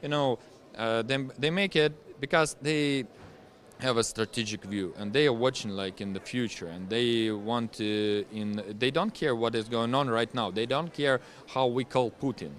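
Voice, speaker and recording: A young man with a Ukrainian accent, a veteran guest speaking English as a second language in an interview, talking in halting phrases full of fillers and restarts. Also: mid-range voice. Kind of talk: interview testimony.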